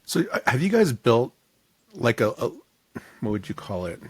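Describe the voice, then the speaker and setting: Male podcast host, low husky voice, thinks out loud, dry close sound. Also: big pitch swings, normal speed, dry recording. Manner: thinks aloud, searches for words mid-question. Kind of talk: casual interview talk.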